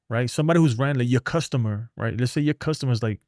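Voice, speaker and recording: A man's voice: mid-range voice, fairly even intonation, fast, darkish tone, dry recording, clean studio sound. A middle-aged man, ranting bluntly and rambling in a casual livestream, trailing off into mumbles. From New York. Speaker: sports streamer.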